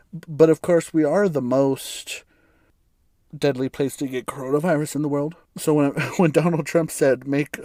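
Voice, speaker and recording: A man's voice: mid-range voice, a little mellow, no room sound, clean studio sound. An American man hosting his own podcast, rambling casually with sarcastic asides and frequent laughs. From United States. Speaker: podcast host. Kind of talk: casual solo podcast monologue.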